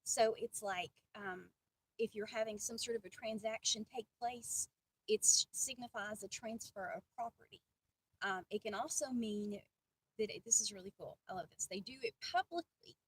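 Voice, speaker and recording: This Southern American woman, a faith vlogger, has a slightly high, slightly rough voice and speaks at a moderate pace. Her devotional talk is casual and chatty, full of asides and jokes at her own expense, captured on a distant mic with faint background noise.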